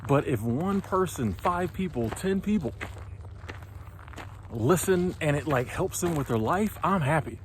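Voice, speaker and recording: A man, hosting his own channel and delivering an impassioned motivational monologue, preachy and animated, sometimes stumbling over his words. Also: fairly high pitch, moderate pace, slight background noise. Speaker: channel host.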